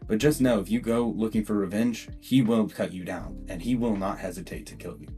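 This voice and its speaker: A man playing a teenage boy hero who stays calm and a little cocky. He speaks in a low, casual voice full of slang, with quiet faint guitar music underneath. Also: a little fast, lightly acted.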